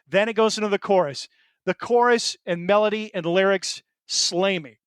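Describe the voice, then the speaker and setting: A man's voice: high-pitched, moderate pace, fairly bright tone, clean tone, dry recording, clean studio sound. A middle-aged man co-hosting a podcast in casual chat, earnest and emotional, hesitating with fillers and restarts. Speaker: podcast co-host.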